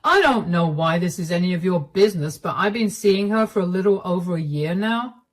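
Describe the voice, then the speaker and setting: A woman's voice: lowish voice, lively intonation, a little fast. A woman voicing a cold, dismissive middle-aged husband who talks down to his wife curtly. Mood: condescending. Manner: condescending, curt and dismissive. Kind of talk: storytelling dialogue.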